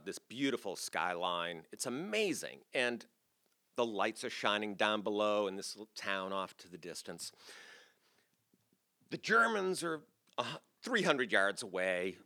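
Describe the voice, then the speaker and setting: A man's voice: on the low side, big pitch swings, unhurried, sharp tone. A man in his sixties telling a personal story on a theater stage to a live audience, in a chatty, self-deprecating way.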